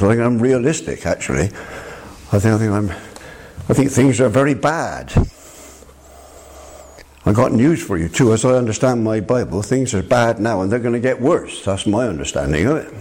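An older man preaching a sermon in an emphatic, animated way, often addressing the listeners as his friend. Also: medium pitch, husky.

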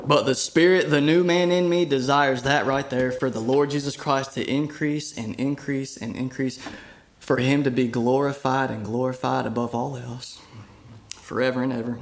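A middle-aged man with a medium-pitched voice preaches a sermon earnestly and emphatically. He swells into loud declarations, then drops into hushed asides.

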